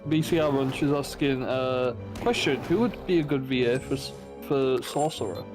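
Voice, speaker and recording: A man streaming a game, talking in a relaxed, hesitant way with many fillers as he reads viewer questions, with faint music behind. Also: medium pitch, moderate pace. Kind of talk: casual gameplay chat.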